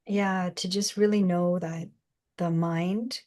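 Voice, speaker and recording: A woman with a slightly low voice talks through spiritual ideas in an easygoing, meandering way. She often acts out snippets of inner dialogue as she goes. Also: slow pace. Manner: rambling, animated, acts out quoted voices with laughs. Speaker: spiritual channeler guest. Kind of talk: casual spiritual guidance talk.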